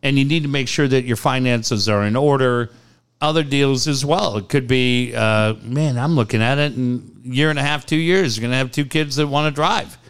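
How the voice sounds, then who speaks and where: A male radio host in his forties with a smooth, clear voice. He talks bluntly and with animation, swinging through stories and laughing along the way. His everyday register is mid-pitched. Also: moderate pace. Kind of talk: casual sports talk and live ad reads.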